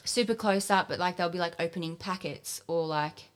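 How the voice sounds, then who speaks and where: A woman's voice: fairly low pitch, brisk. A young Australian woman in her twenties, chatting as an interview guest with lots of fillers. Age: 20s. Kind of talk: casual interview.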